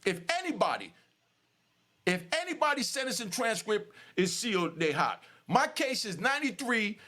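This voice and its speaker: An angry, sweating older New York man hosts his channel, speaking heatedly straight to camera in a high male voice with big pitch swings at normal speed. His tone is pushed and bright, and his emphatic street talk repeats itself and overflows with fillers.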